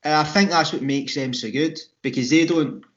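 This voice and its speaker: A man's voice: fairly high pitch, normal speed. A Scottish man co-hosting a podcast, chatting in a rambling way with many restarts. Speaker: podcast co-host. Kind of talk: casual chat. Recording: dull lo-fi sound.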